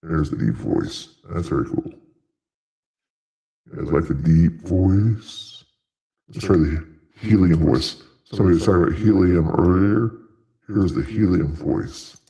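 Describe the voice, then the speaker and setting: A man speaking through a deep voice changer filter and showing it off to his viewers. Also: measured pace, vocal fry, long pauses, mellow. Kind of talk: testing voice filters on a livestream.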